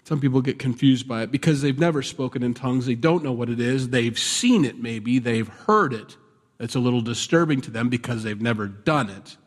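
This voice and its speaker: A man preaching a sermon in a relaxed, conversational way, now and then raising his voice in animated bursts. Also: mid-range voice, a little fast. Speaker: pastor. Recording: long hall reverb.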